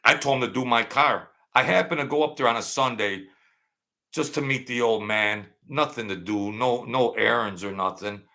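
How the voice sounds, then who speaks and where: Gravelly, bright-voiced man telling street stories. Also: mid-range voice, moderate pace. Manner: rambling, repeats words, streetwise and blunt. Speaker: storyteller recounting mob-era experiences. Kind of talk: casual rambling storytelling.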